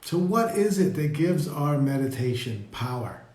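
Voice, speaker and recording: A man leading a live meditation talk, speaking slowly and reflectively and greeting viewers as they join. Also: a little high, very animated, a little mellow. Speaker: meditation teacher. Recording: roomy echo.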